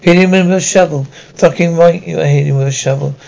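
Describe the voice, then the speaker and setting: A man's voice: fairly high pitch, fairly even intonation, fairly quick, creaky, a little mellow, rough recording. A man reading as a crude, indignant goatherd. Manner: crude, indignant tavern storytelling. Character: crude aggrieved male peasant goatherd, coarse and indignant.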